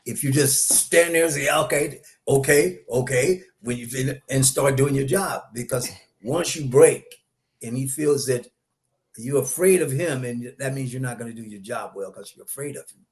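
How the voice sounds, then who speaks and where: Guest: male film crew member, middle pitch, halting "you know" speech. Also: darkish tone. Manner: leans on "you know", repeats himself. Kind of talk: casual chat.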